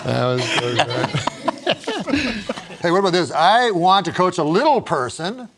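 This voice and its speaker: A man's voice: on the high side, animated, a little slow, vocal fry, heavy background noise. A man hosting a talk show, reading jokes off cards in loose, playful banter. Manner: reads jokes off cards, laughs often, playful.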